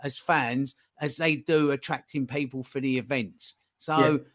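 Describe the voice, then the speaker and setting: A man talking casually as a podcast guest, animated, acting out little dialogues as he makes his point. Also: mid-range voice, unhurried. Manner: animated, acts out phone calls in put-on voices.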